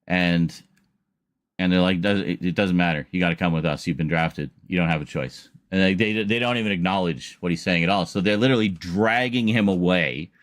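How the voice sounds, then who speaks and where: A man's voice: deep voice, fairly bright tone, no echo, clean studio sound. A man streaming a casual chat, telling a long story in a rambling way with laughs and restarts.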